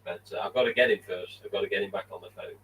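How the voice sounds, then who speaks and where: A man's voice: low-pitched, steady tone, rapid-fire, fairly bright tone, distant mic, a little hiss or hum, rough recording. A man hosting a live stream, rambling casually and swearing now and then from a room at home. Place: room at home with mask collection.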